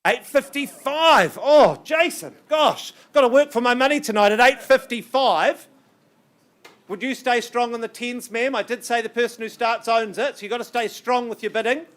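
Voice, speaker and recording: High-voiced man calling an auction. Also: fairly bright tone. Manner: brisk, coaxing bid-calling with banter. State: strained, losing his voice. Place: auction room.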